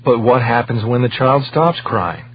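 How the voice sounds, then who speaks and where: A man's voice: mid-range voice, expressive, a little slow, natural voice. A man voicing an urgent male scientist who presses his argument emphatically, on a dull lo-fi recording with a faint hum.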